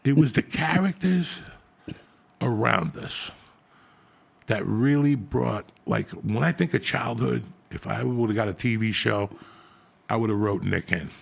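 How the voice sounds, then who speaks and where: A man casually telling animated, profane stories on a podcast. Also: mid-range voice, measured pace, creaky, breathy edge. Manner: profane, animated storytelling with laughter. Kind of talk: casual storytelling chat.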